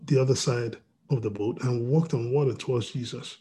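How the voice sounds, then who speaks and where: Man preaching, dark husky voice, video call. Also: medium pitch, brisk, hardly any pauses. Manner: reads scripture aloud, then preaches with restarts and "you know". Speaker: pastor. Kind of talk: sermon over video call.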